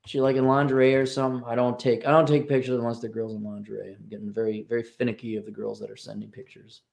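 Reading paid chat messages aloud on his livestream, a man from the United States answers them with offhand, wry, lively commentary. He has a mid-range, creaky voice and a quick pace.

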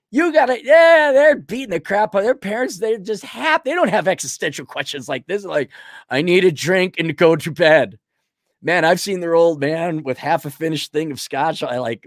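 A middle-aged man giving rambling, folksy advice to a listener in a casual monologue, with sudden loud swings as he tells stories. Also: sits high, no echo, studio quality. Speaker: advice host answering a listener.

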